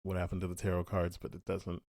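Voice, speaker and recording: Low-voiced man rambling through a review. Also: fast talker. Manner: rambling, acts out quotes in animated voices. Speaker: podcast co-host. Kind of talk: casual chat, spoiler review.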